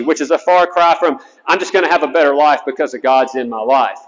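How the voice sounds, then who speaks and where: A man's voice: a little high, fairly even intonation, brisk. A man, a chaplain, preaching an earnest sermon, often repeating words as he goes. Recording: dull sound with long hall reverb.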